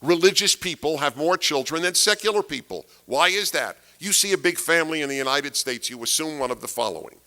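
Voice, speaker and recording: Man, older, lecturing to a crowd; forceful, bright-edged delivery, heavy on repetition and rhetorical questions. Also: a little high, fairly quick, few pauses. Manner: emphatic, rhetorical questions, repeats key phrases. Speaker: speaker giving a talk. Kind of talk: political lecture to an audience.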